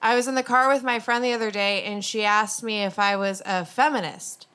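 A woman doing a stand-up set at a comedy club, deadpan and self-deprecating, on a stage mic. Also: medium pitch, a little fast, smooth.

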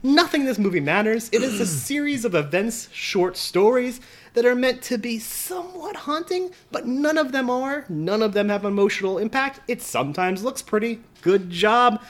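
A man's voice: very high voice, animated, moderate pace. Profane ranting man reviewing a film. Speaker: podcast co-host. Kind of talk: casual film review chat.

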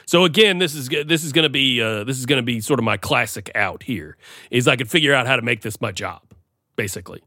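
A man's voice: medium pitch, animated, fast, pushed and bright, no room sound, clean studio sound. A man co-hosting a comedy podcast, talking in a rambling, playful, self-deprecating way. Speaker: podcast co-host. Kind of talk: casual comedic chat.

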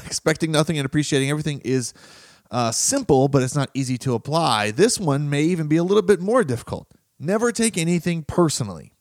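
A man's voice: medium pitch, dry recording, studio quality. A man hosting a motivational talk show in an earnest, conversational way. He often asks his listeners questions and laughs now and then. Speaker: podcast host.

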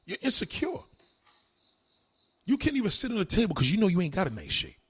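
A man delivering a heated, profane rant to the camera, swinging between low mutters and loud insulting outbursts. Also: huge pitch swings, fairly quick, slightly rough.

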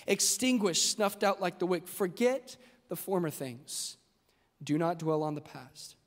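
A man preaching a sermon, animated and humorous, building to emphatic shouts. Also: high-pitched, measured pace. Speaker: pastor. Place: large church hall. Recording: long hall reverb.

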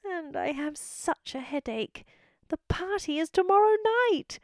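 A woman's voice: a little high, expressive, normal speed, a little mellow, dry recording, studio quality, pitched above the performer's own voice, close to an everyday voice. A woman reading a storybook and voicing a kind, flustered mother goat who is overwhelmed and desperate. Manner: desperate, wailing.

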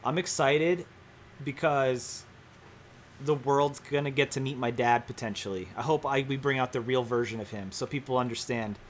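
A man's voice: mid-range voice, moderate pace, slight background noise. A man on a podcast, telling loose, profane stories in casual banter with friends. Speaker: podcast co-host.

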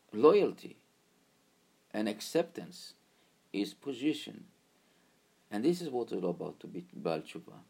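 Gravelly man telling a story. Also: lowish voice, a little mellow. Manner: halting, repetitive, informal.

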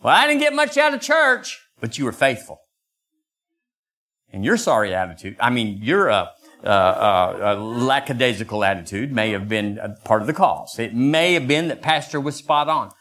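An older man preaching a sermon as pastor, acting out quoted voices in lively bursts. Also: normal speed. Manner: animated, acts out voices with sudden high pitch jumps.

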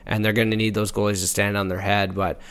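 A man's voice: fairly low pitch, level tone, quick pace, fairly bright tone, clean tone. A man co-hosting a casual hockey podcast, speaking bluntly and swearing freely. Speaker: podcast co-host. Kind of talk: casual sports chat.

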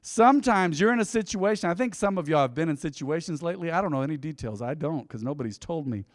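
A man, preaching a sermon as pastor and telling a story from the pulpit, loud exhortations giving way to hushed asides. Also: on the high side, lively intonation, quick pace, dry recording, studio quality, in a large hall.

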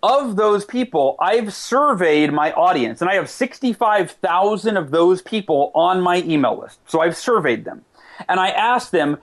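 A man with a high, bright-sounding pitch talks as a guest on a radio interview. He speaks with eager energy, stopping and restarting sentences as he goes. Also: lively intonation. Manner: eager, quick restarts, self-corrections. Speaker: author and guest. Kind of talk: animated interview talk.

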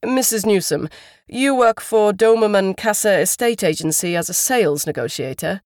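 A woman's voice: medium pitch, a little mellow, no room sound, clean studio sound, lightly acted. A woman reading a polite, formal police constable. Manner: measured, official phrasing.

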